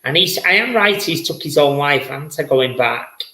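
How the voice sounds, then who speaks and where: A man's voice: fairly high pitch, lively intonation, moderate pace, bright, forceful tone, roomy sound, low-quality recording. A man hosting a live-streamed spirit reading as a psychic medium, chatty and effusive, often repeating his words.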